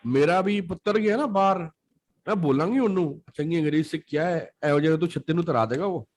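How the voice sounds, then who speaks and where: A man's voice: a little high, racing, a little hiss or hum, natural voice. A man voicing a chatty middle-aged Punjabi village mother with a Punjabi accent, in a teasing sing-song manner.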